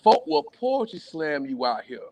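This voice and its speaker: A man performing spoken word poetry at a virtual open mic, full of playful wordplay and swinging from low murmurs to raised shouts. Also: big pitch swings, a little slow. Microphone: video call.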